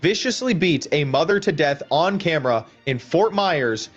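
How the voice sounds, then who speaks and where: A man's voice: a little high, animated, normal speed, breathy edge. A man delivering scripted political commentary in a clipped, pointed way, asking rhetorical questions. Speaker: commentator in a played clip. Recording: muffled clip with faint music.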